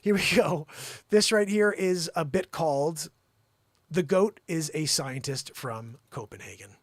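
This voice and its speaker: Animated high-voiced male comic host. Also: measured pace, dry recording. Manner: animated, jokey, breaks into shouting. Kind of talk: comedic livestream news riffing.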